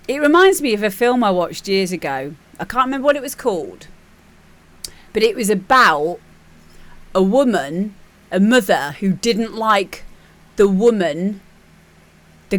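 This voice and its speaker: A young British woman hosting a music demo stream, chatting casually and rambling into animated bursts as she acts out scenes. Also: mid-range voice. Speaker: show host reviewing music demos. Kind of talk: casual livestream chat.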